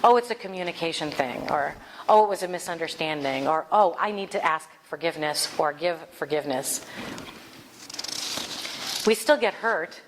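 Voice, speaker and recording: Low-voiced woman minister preaching. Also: moderate pace, background noise. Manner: animated storytelling, acts out quoted voices. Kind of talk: sermon.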